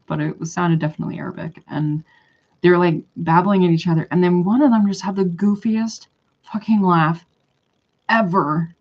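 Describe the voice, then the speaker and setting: A woman telling a story in a casual monologue that rambles, hesitates and trails off. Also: on the low side. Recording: dull lo-fi recording.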